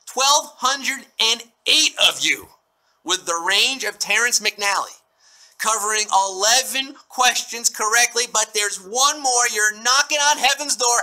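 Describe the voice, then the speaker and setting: A man's voice: high-pitched, animated, slow, sharp tone, low-quality recording. A man hosting a live trivia game show, reading questions and answers in a playful, punning way and breaking into bits of song. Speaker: quiz show host.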